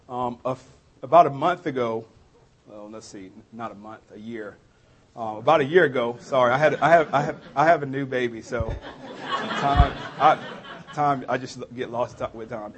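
A pastor with a New Orleans accent delivers a sermon in a chatty, story-driven manner. His voice sits at an ordinary middle pitch for a man, neither deep nor high. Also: moderate pace, slightly rough. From New Orleans area, USA. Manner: conversational storytelling preacher.

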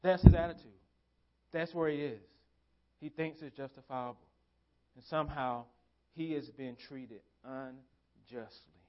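A pastor preaching a sermon in a church, driving points home with emphatic repeated phrases. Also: male voice, medium pitch, measured pace, long pauses, dull audio. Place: church sanctuary.

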